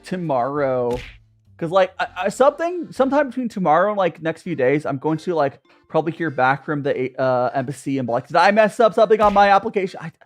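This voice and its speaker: A young adult streamer chatting casually over tea, rambling and greeting viewers by name. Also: mid-range voice. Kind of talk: casual chat while drinking tea.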